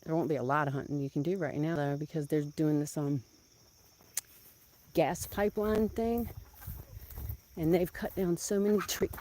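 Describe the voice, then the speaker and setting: A woman chatting casually to camera in her backyard as she tends her chickens. She laughs often and scolds the birds in a loud, high voice. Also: moderate pace, pauses often, slight background noise. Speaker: vlogger keeping backyard chickens.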